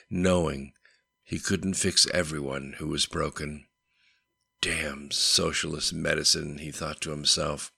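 A man narrating an audiobook in a steady, unhurried reading voice. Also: very deep voice, gravelly. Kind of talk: scripted narration. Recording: dry close-miked studio voice.

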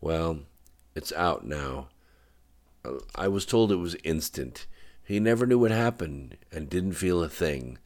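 A man with a very deep voice voicing a calm, careful husband sitting at his wife's hospital bed. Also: measured pace. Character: gentle worried husband, guarded with bad news.

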